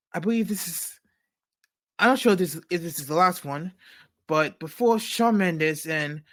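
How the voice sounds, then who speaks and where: A man's voice: high voice, a bit bright. A man hosting a comedy news segment, reading jokes with frequent stumbles and self-corrections. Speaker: comedy show host.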